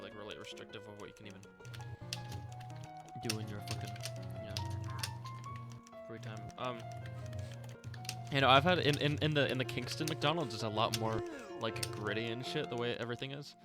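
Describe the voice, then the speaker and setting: A man's voice: mid-range voice, brisk, pauses often, over loud music. A young man chatting casually while gaming, rambling with lots of fillers and swearing. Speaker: podcast co-host.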